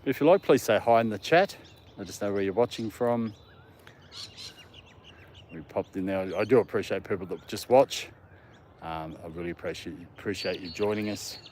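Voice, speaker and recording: A man live-streams a casual chat while walking his dog in a park, speaking to the dog now and then. His low, slightly mellow voice moves at normal speed with frequent pauses, and faint outdoor noise sits in the background.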